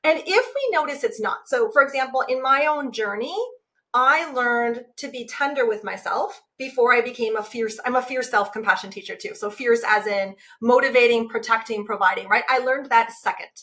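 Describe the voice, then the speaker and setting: A woman in her forties talking casually about parenting as a guest, animated and acting out the voices she uses. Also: fairly high pitch, moderate pace. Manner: animated, acts out her own inner voice. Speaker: guest, self-compassion teacher. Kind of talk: casual podcast conversation.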